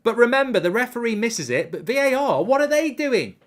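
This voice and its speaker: Brisk and very high-voiced, a man hosts a live football watchalong, fuming with animated indignation at refereeing calls. Between rants he reads viewer comments aloud.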